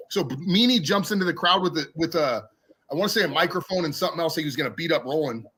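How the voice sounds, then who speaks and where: A man's voice: a little high, expressive, quick pace, fairly bright tone, slightly rough. A man telling a profane backstage story in casual podcast chat, laughing as he goes. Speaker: podcast guest.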